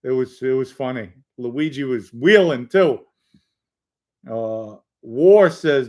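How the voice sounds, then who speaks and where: A man's voice: mid-range voice, takes it slowly, a little mellow. A middle-aged man hosting a livestream, reading viewer comments aloud, joking with chatters and rambling through stories. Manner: rambling anecdotal storytelling. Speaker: livestream host. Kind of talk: casual livestream chat.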